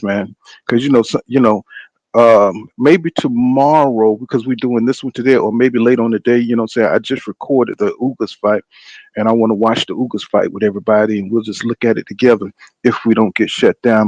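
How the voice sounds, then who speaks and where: A man's voice: on the low side, a little mellow, dry recording. A man hosting a live boxing reaction stream, talking loosely and profanely and greeting viewers by name. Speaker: boxing channel host. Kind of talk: casual live-stream commentary.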